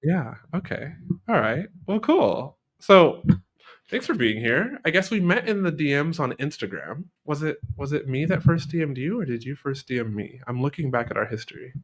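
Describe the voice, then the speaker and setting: A man from the United States chatting casually, relaxed and rambling with many fillers. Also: on the high side, normal speed. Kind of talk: casual chat.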